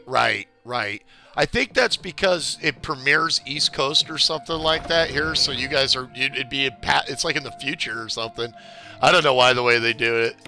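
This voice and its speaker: A talkative man streams a game walkthrough, his gravelly voice bouncing up and down in pitch. He rambles to his viewers in a bright, forward tone with light music behind him. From California, USA. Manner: chatty, rambling, greets viewers. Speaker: gameplay streamer. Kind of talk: casual live walkthrough commentary.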